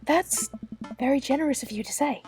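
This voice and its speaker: A woman voicing a gentle, old-fashioned goth man in a game, speaking softly and properly in a lowered voice. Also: fairly quick, music in the background, lightly acted. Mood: shy. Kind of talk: reading game dialogue aloud.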